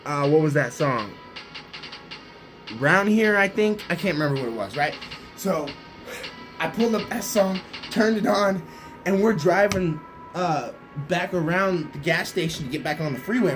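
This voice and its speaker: A young man spins a loose, chatty story and keeps checking in with his listener. His voice sits a little high, and soft music plays underneath. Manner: rambling anecdote, keeps tagging lines with "right?". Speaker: vlogger. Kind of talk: casual storytelling.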